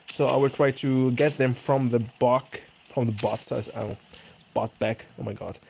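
A man's voice: medium pitch, unhurried, vocal fry, slight background noise. A young man commenting live on his own tank gameplay, cheering and groaning as the match goes. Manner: excitable, bursts of cheering and groaning. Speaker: gaming YouTuber.

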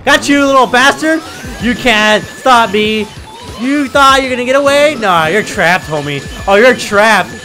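A young man giving excitable, trash-talking commentary while playing a video game. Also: high voice, slight background noise. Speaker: gaming video creator. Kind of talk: gameplay commentary.

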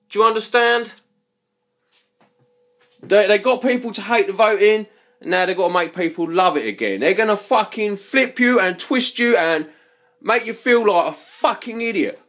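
A man's voice: high-pitched, a bit bright. A man delivering an angry, profane rant to camera, repeating himself as he gets worked up. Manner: heated, swearing, repeats himself. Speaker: vlogger.

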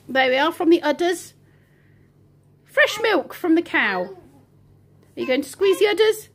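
A woman's high voice bounces all over the place as she coaxes little children through a play session. She talks in a sing-song, encouraging way, like a patient teacher keeping toddlers engaged. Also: very animated, unhurried, long pauses. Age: adult. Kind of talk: playful talk with toddlers.

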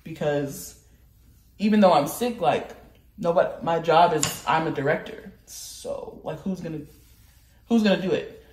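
A woman's voice: low voice, a little slow. Chatty woman vlogger, roomy echo. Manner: chatty, rambling, animated outbursts. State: sick with the flu. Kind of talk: casual chat.

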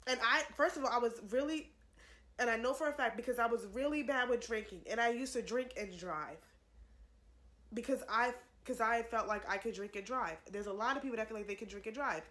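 A woman's voice: on the high side, brisk, a bit bright. A young woman giving an earnest religious testimony to camera, pleading with viewers and repeating herself for emphasis. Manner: earnest, repetitive, pleading, addresses viewers as y'all.

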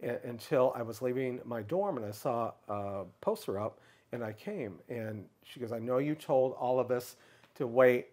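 Middle-aged man telling an animated story. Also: normal speed. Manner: animated storyteller, acts out others' lines in a raised pitch. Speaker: guest speaker. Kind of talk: storytelling in a casual interview.

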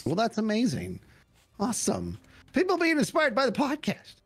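A man chatting excitedly as a guest co-player on a stream, telling stories with lots of "dude". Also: high voice, normal speed, slightly rough, no echo. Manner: animated storyteller, bouncy, says dude a lot. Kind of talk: casual gaming chat.

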